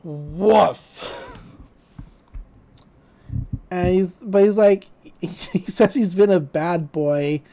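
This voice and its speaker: A podcast co-host in casual chat, retelling an episode in an animated way and acting out the quoted lines. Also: medium pitch, slow. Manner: loose, with frequent "like" and restarts.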